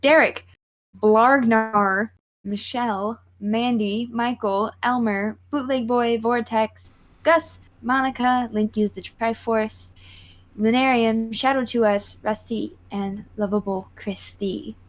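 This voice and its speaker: A woman's voice: on the high side, steady tone, slow, poor audio. A woman with a Southern US accent, chatting casually as a co-host on a livestream podcast and reading out lists of names.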